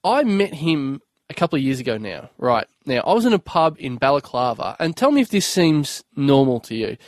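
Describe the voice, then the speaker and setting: Lively man telling a story. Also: fairly high pitch, normal speed, dry recording, clean studio sound. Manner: animated, laughs through his anecdotes. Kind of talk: casual chat, storytelling.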